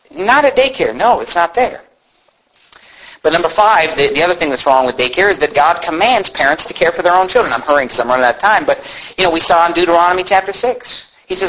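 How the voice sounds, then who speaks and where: A male pastor preaching a sermon, swinging from loud emphatic preaching to low asides. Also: big pitch swings, brisk, highs cut off.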